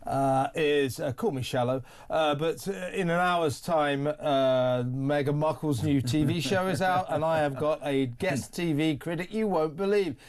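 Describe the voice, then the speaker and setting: A man presenting on radio, bantering during a studio handover, with many filler pauses. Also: fairly high pitch.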